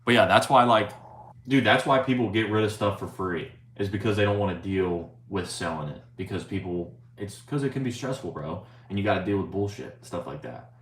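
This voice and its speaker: A man's voice: deep voice, expressive, normal speed, fairly bright tone. Profane rambling young guy streaming. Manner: rambling, profane, says "bro" often; reads viewer chat aloud. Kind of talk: casual live-stream chat. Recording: roomy, faint ambient noise.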